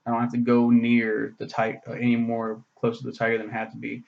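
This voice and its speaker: A frightened little schoolboy, panicky and pleading, as a man retells his lines. The voice is gravelly with creak, and the recording is dull and lo-fi. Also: mid-range voice, monotone, brisk, natural voice. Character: scared little boy, a third grader.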